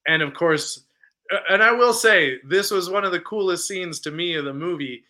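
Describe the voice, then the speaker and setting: In a high voice at normal speed, a man co-hosting a film podcast excitedly recounts a movie he saw. The chat is casual and loaded with fillers, and he acts out dialogue from the scenes.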